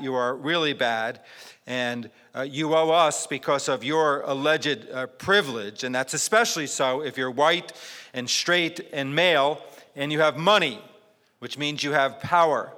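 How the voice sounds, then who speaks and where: A man's voice: medium pitch, bright, forceful tone, in a large hall. A man preaching a sermon as pastor, emphatic and repetitive, praying and reading scripture in a church. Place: church sanctuary.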